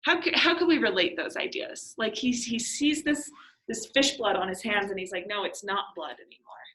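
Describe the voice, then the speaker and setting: A woman's voice: mid-range voice, moderate pace, bright, forceful tone, low-quality recording. A young woman teacher leading a literature class discussion, chatty, laughing often and using plenty of fillers.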